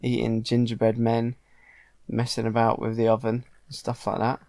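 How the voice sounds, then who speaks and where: A father casually retelling a film to his child at home, chatty and animated with many ums. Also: mid-range voice, normal speed, creaky, dry recording. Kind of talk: casual storytelling.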